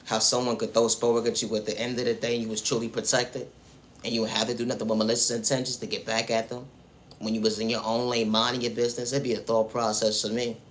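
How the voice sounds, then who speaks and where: A mid-range male voice, flat and quick, comes through with slight background noise. Speaking straight to the viewer, the spiritual vlogger gives a preachy motivational talk on faith and self-worth, repeatedly returning to the same refrains.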